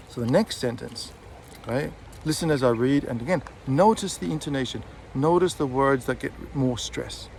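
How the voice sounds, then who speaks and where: A man's voice: medium pitch, fairly quick, vocal fry, a little hiss or hum. A man, an English teacher, giving a casual, chatty video lesson outdoors by a river while walking his dog, with fillers and self-corrections. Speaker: English teacher and textbook author.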